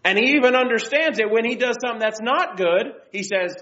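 A woman's voice: a little high, animated, brisk, few pauses, a bit bright. A young woman giving an earnest devotional Bible lesson and reading scripture aloud. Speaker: Bible teacher. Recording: dull lo-fi recording.

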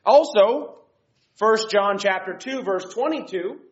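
A woman's voice: medium pitch, animated, slow pace. A young woman giving an earnest devotional Bible lesson and reading scripture aloud. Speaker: Bible teacher. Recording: dull lo-fi recording.

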